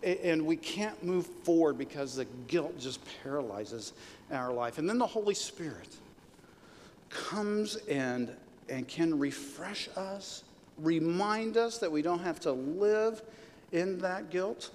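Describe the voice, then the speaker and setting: A middle-aged male pastor preaching with animated, joking energy and call-and-response with his congregation. His voice sits a little high. It rings through a reverberant church hall with faint background noise. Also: takes it slowly. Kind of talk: sermon.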